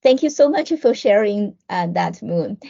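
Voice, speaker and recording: Mellow-voiced woman interviewer. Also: mid-range voice, expressive, unhurried, creaky. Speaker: podcast interviewer. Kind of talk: reading interview questions. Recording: dull lo-fi sound.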